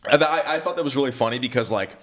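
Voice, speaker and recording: A man's voice: medium pitch, rapid-fire. A young man and dating coach telling a story in a casual way, acting out both sides of the conversation. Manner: animated, acts out both sides of dialogue.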